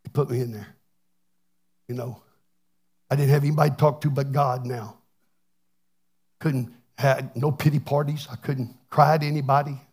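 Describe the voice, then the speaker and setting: A man's voice: medium pitch, steady tone, moderate pace, long pauses, a little mellow, slightly rough. A man preaching a plainspoken, folksy testimony sermon, often repeating words as he restarts. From Texas. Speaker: pastor.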